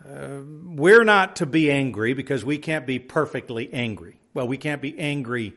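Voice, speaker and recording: A man's voice: medium pitch, animated, normal speed, a bit bright. A man giving an unscripted verse-by-verse Bible lesson, reading scripture aloud and explaining it with frequent restarts and "uh". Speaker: Bible teacher.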